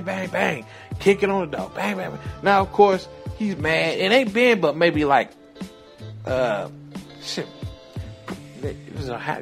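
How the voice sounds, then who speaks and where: A man who worked as a prison correctional officer telling a rambling, profane story in a casual way. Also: on the high side. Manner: profane, rambling, digressive, chuckling asides.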